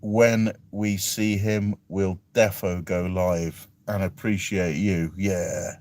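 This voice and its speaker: A man's voice: deep voice, fairly even intonation, slow, darkish tone. A man from England, chatting casually on a live stream and reading out viewer comments with self-deprecating chuckles. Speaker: vlogger reading live chat.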